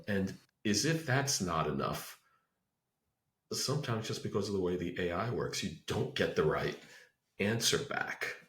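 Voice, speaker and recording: A man's voice: sits low, a bit bright, a little hiss or hum. A man hosting a podcast, joking around and then steering the talk back to the topic. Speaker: podcast host. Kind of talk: casual podcast chat. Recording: roomy echo.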